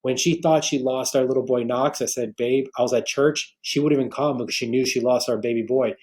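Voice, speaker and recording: A man's voice: mid-range voice, fairly even intonation, fairly quick, a little mellow. Man, from New York, heartfelt testimony, restarts often, ordinary middle voice. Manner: emotional storytelling, many restarts. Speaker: podcast guest. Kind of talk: earnest faith testimony.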